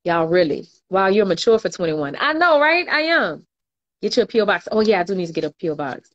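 A woman's voice: fairly low pitch, fast, darkish tone, muffled recording. A woman, chatting casually on a livestream and reading viewer comments aloud with slangy laughter. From New Orleans, US. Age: 20s. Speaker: livestream host.

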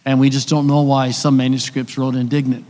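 A man's voice: mid-range voice, flat delivery, fairly quick, a little mellow. A man giving a conversational conference lecture, explaining with rhetorical questions and asides. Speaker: conference speaker on biblical texts. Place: church hall. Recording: long hall reverb.

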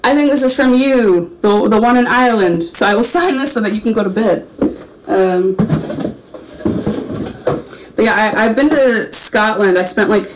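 A woman's voice: fairly high pitch, normal speed, pauses often, slight background noise, low-quality recording. A young woman chatting casually on a livestream while signing autographs, rambling and self-aware.

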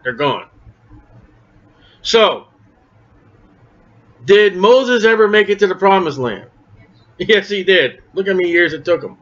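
A man teaching a verse-by-verse Bible study sermon in an animated, conversational way, acting out the voices of the people he quotes. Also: high voice. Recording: dull lo-fi recording.

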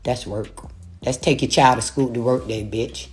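Low-voiced woman ranting on a livestream. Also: steady tone, normal speed, soft background music. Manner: taunting, cursing, laughing between insults. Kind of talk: profane live-stream rant. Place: home, a rented house.

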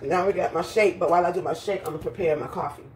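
A woman vlogging casually from her patio and home, chatty and quick to laugh at her own jokes, her voice slightly rough. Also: fairly low pitch, noisy background. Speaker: lifestyle vlogger. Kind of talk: casual vlog chat to viewers. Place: home patio then indoors.

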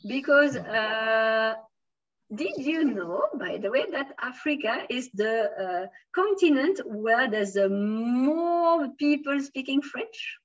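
A woman's voice: on the high side, lively intonation, slow pace, recorded from a distance, dull audio. A woman from Switzerland teaching a beginner French class. She switches between English and French, uses many fillers and keeps encouraging her students. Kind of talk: online language class.

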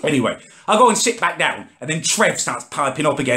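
A man's voice: on the high side, very animated, brisk, sharp tone. Ranting indignant man in his thirties. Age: 30s. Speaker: comedic vlogger. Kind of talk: comedic rant to camera.

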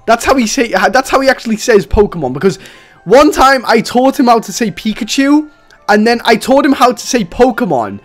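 A man giving chatty, excitable live commentary while he plays a video game as a streamer. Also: very high-pitched, normal speed, faint music behind. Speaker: gaming streamer.

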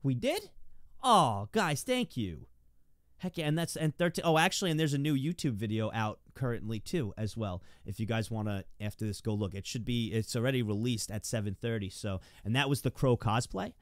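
A man's voice: medium pitch, lively intonation, normal speed, dry recording, clean studio sound. A young man streaming from home, rambling and stammering as he thanks his viewers. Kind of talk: live stream chat.

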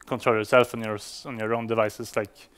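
A man's voice: lowish voice, little pitch movement, brisk, fairly bright tone, clean tone. A man giving a conference talk to developers, speaking English as a non-native speaker, with frequent fillers and restarts. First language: Swedish. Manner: hesitant, many fillers and restarts.

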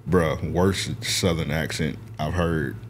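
A man co-hosting a podcast, talking in animated, profane, teasing casual banter. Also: extremely low pitch, slow, slight background noise. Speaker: podcast co-host.

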